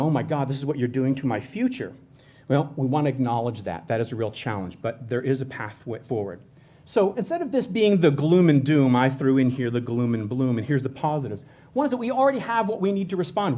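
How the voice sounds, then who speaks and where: A man's voice: medium pitch, very animated, brisk, warm tone. A man presenting for a state environmental agency, talking in a conversational way with frequent restarts and self-corrections. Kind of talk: educational presentation.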